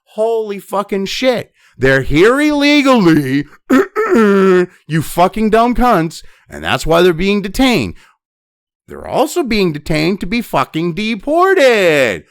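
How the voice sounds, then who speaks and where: A man angrily ranting and cursing as he reads news items aloud, breaking off into loud outbursts. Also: sits high, takes it slowly, no echo, clean studio sound. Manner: angry, swearing constantly, swinging between flat reading and loud outbursts. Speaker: commentator reading and reacting to news. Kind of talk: profane political rant over news reading.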